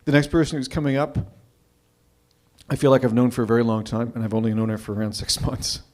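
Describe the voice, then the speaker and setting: A man's voice: mid-range voice, level tone, fast, a little mellow. A man hosting a live open mic, thanking a storyteller and introducing the next one in a reflective way. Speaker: host.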